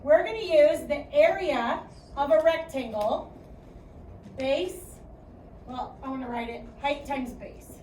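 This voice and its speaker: A young woman with a Chicago accent teaches a classroom math lesson in a high voice. She projects her speech and keeps asking "okay?" as she goes. The sound is roomy and echoey, picked up from some distance, with a faint hiss underneath. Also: slow pace, pauses often, darkish tone. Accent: Midwestern American, Chicago. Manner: chatty, projecting, asks okay often. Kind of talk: classroom lecture.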